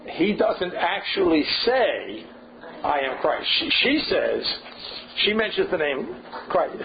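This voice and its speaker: Older male seminar leader, slightly high voice, musing and restarting as he lectures. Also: big pitch swings, slow pace. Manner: thinking aloud, frequent restarts and asides. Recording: dull lo-fi recording with faint hiss.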